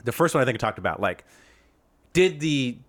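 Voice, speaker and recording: A man's voice: medium pitch, a little fast. A man co-hosting a sports podcast, chatting casually with friends and laughing often. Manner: animated, laughs often, does goofy voices. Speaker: podcast co-host. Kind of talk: casual chat.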